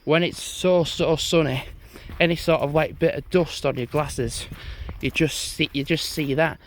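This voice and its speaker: Rambling man, slightly high voice. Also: fairly even intonation, a little slow, slight background noise. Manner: rambling, chatty, swears casually. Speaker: vlogger. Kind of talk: casual walking vlog. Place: outdoors on a moorland footpath.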